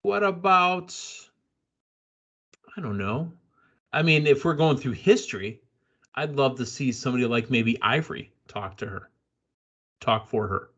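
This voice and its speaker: A man's voice: mid-range voice, animated, a little slow, pauses often, fairly bright tone, muffled recording. A man hosting a casual wrestling podcast, blunt and opinionated, rambling through his takes. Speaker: podcast host.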